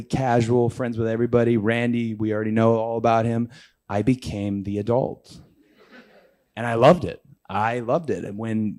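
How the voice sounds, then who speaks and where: A man's voice: mid-range voice, a little mellow. A man in his thirties, an interview guest telling a casual story, acting out quotes in raised voices. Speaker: interview guest, pro wrestler.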